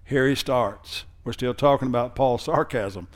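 A man preaching a sermon in a conversational way that builds into loud, emphatic preaching, often using a sarcastic tone. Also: mid-range voice. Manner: reads scripture in a slow, mocking sarcastic tone. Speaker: pastor.

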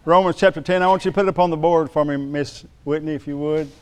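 High, clear-voiced preacher man. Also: fairly even intonation, fast talker. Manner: jokes with the congregation, rises to emphatic shouts. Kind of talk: sermon. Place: church.

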